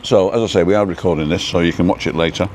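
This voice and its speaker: Speaking in a low voice, a man runs a relaxed live stream at a roadside food stop outdoors, rambling and greeting viewers by name. Racing also comes up, while faint traffic and building work sound behind him.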